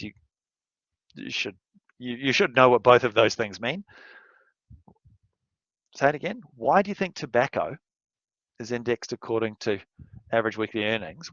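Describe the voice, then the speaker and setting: A man's voice: on the low side, fairly bright tone, no echo. Rambling candid male lecturer, dull recording. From outside Australia. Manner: rambling, candid, gets worked up and ranting. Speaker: university lecturer.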